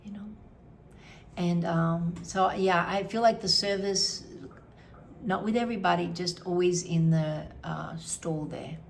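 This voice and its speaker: A woman's voice: lowish voice, unhurried, slight background noise. A middle-aged woman chatting casually and frankly, rambling with many fillers. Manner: frank, opinionated. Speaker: vlogger. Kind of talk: casual review chat.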